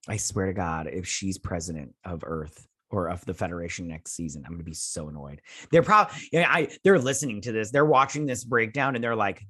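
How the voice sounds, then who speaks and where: A man's voice: low-pitched, animated, moderate pace, sharp tone, slightly rough, no room sound, studio quality. A man hosting a TV breakdown, recapping an episode in a casual, sarcastic rant, mocking characters with silly quotes, laughing and swearing. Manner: laughs often, swears, trails off with fillers. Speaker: host of a TV breakdown channel.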